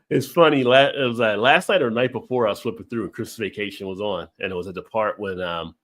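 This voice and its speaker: A man's voice: lowish voice, a little fast. A man hosting a live stream, chatting casually over drinks, rambling and laughing as he tells stories. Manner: rambling, laughs often, animated storytelling.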